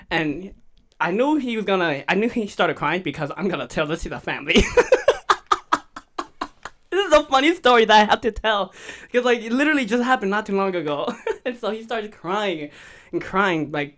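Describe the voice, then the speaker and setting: A man's voice: high-pitched, a bit bright. A young man telling a funny family story on a casual podcast, laughing often and acting out the quoted voices. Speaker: podcast co-host.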